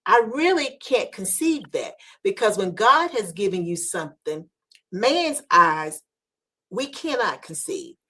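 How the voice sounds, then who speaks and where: A woman's voice: medium pitch, slightly rough. A woman podcast host giving motivational talk in an earnest, preacherly way, repeating key phrases for emphasis.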